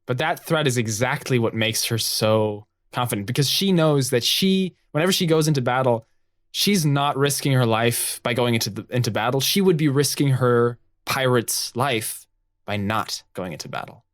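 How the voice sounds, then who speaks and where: A man co-hosting a podcast, narrating an improvised adventure story in a relaxed way and laughing often. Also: medium pitch, normal speed.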